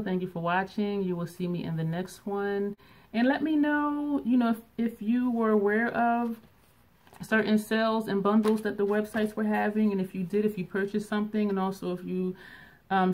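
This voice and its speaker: A woman's voice: medium pitch, darkish tone. A middle-aged woman chatting casually through a shopping haul vlog, laughing often and thinking aloud. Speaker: beauty vlogger.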